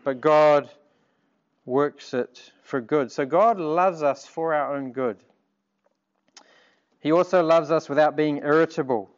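A man preaching a sermon in an earnest, measured way, asking rhetorical questions. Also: on the high side, dull audio.

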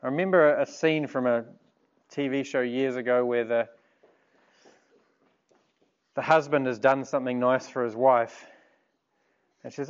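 A man preaching a sermon in an earnest, measured way, asking rhetorical questions. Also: mid-range voice, steady tone, clean tone, dull audio.

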